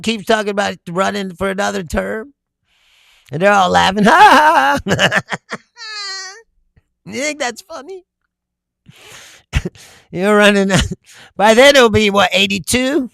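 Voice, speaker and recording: A man's voice: high voice, expressive, moderate pace, creaky, bright, forceful tone, clear, resonant tone, no room sound, clean studio sound. A man hosting a casual comedic political talk, rambling and profane, breaking into laughter often. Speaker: political commentary host.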